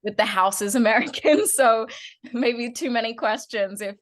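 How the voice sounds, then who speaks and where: A woman in her twenties from Australia, with an Australian accent and a voice on the high side, chats at normal speed. She's a guest actress in a casual interview and laughs often.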